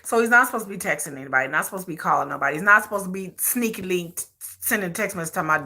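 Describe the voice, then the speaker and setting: Blunt, bright-voiced woman commentator. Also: fairly low pitch, rapid-fire. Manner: blunt, emphatic, repetitive. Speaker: commentary channel host. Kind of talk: opinionated commentary.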